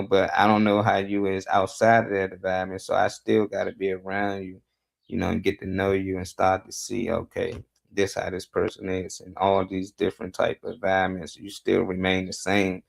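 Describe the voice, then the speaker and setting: A man's voice: low voice, vocal fry. A man talking bluntly and casually on a live talk show, laid-back and profane as he tells his views.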